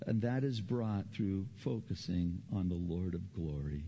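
A middle-aged man preaching a sermon as pastor. He tells stories earnestly, repeats his key phrases, and his pitch climbs when he gets animated. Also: measured pace, hardly any pauses, husky. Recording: slightly dull recording with faint background noise.

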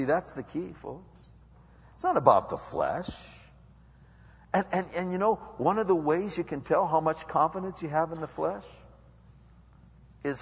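Guy preaching in a church, fairly high voice, long echo, kinda muffled sound. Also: breathy edge. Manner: conversational preaching, acts out listeners' voices with big pitch swings. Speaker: pastor. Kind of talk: sermon, reading and explaining scripture. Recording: muffled recording with long hall reverb.

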